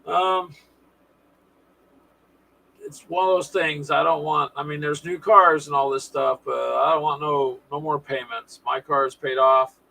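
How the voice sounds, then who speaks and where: Gravelly folksy man hosting a stream. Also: on the high side, level tone, a little slow, pushed and bright, rough recording. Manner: folksy, sarcastic asides. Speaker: live stream host. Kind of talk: casual chat with viewers.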